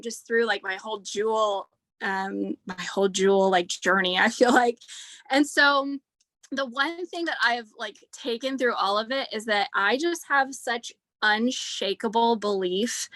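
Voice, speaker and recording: A woman's voice: a little high, pushed and bright, dry recording. A woman in her thirties speaking on a video call. She talks in a casual, heartfelt way, full of "like" and "um," rambling and earnest. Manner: rambling, heavy use of "like" and "um"; earnest and emotional. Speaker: speaker at a team leadership training.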